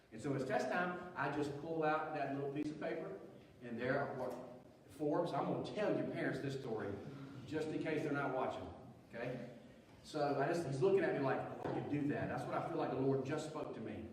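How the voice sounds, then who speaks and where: A man's voice: mid-range voice, slight background noise. A male pastor, telling a humorous story in a sermon and acting out the voices of others. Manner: animated, joking, acts out quoted voices. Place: large church hall. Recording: echoey church hall, far from mic.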